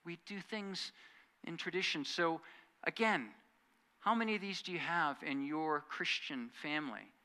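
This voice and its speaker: A man preaching a sermon as pastor, earnest, swinging from loud emphatic lines to quiet, hushed asides. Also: on the high side, normal speed.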